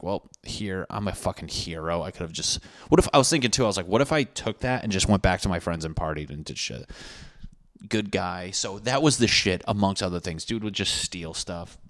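Young guy, very low voice, dry room, crude storyteller who swears a lot and rambles. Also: dry recording. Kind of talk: casual storytelling monologue.

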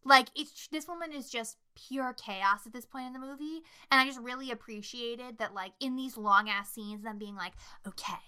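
A young woman co-hosting a casual horror movie podcast, swearing freely and telling scenes with lively, shouted impressions. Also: a little high, moderate pace, few pauses, smooth. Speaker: podcast co-host.

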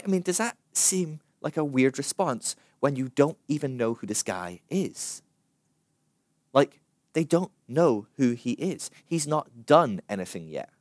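A man's voice: mid-range voice, no room sound, clean studio sound. A man preaching in a loose, chatty way, full of fillers and acted-out quotes. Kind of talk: casual teaching talk.

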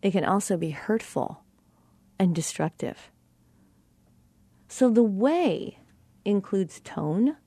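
A middle-aged woman giving a teaching talk about tone of voice and self-talk, speaking deliberately and shifting her inflection to show how phrases change meaning. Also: fairly low pitch, mellow, husky, dry recording. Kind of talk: teaching monologue.

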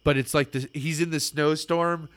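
A man telling a story in casual chat, excitable and rambling, full of fillers. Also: fairly high pitch, normal speed.

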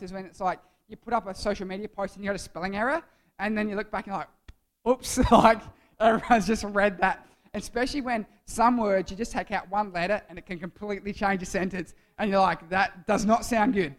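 High-voiced playful youth preacher, a man. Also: fairly even intonation, fast. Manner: playful, jokey, quizzes the audience. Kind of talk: interactive youth sermon.

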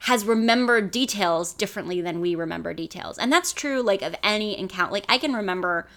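A woman cohosting a podcast in casual chat, animated and full of fillers. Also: mid-range voice, brisk. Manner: animated, uses "like" a lot.

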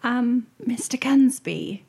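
A woman playing in a tabletop game, speaking in a measured, slightly formal way. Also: fairly high pitch, animated, creaky, darkish tone, husky. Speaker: player. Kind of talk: casual tabletop chat.

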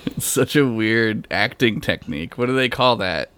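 A man's voice: lowish voice, expressive, moderate pace, a bit bright, clear, resonant tone, no room sound. A man co-hosting a casual podcast, joking crudely and laughing a lot. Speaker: podcast co-host. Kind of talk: casual chat.

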